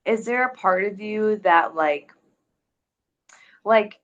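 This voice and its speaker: A young woman co-hosting a podcast, speaking softly in casual chat and often murmuring agreement. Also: medium pitch, slow, dull audio. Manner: soft-spoken, murmurs agreement, trails off. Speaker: podcast co-host.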